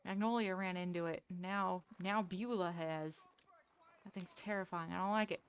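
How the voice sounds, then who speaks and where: A woman's voice: on the low side, steady tone, moderate pace, smooth. Chatty woman streaming a game. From United States. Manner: chatty, rambling, restarts sentences, laughs easily. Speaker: livestreamer. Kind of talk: casual chat with viewers while gaming.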